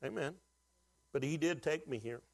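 A man's voice: on the high side, normal speed, gravelly. A man preaching a sermon, with folksy humor and call-and-response questions to the congregation. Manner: folksy humor, acts out quoted voices. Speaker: pastor.

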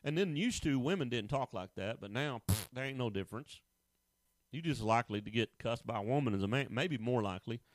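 A middle-aged man delivers a sermon, punching key words and firing rhetorical questions in a plain, folksy manner. His voice sits at an ordinary male pitch and sounds close and dry, with almost no room around it. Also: animated, brisk, dry recording. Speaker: pastor.

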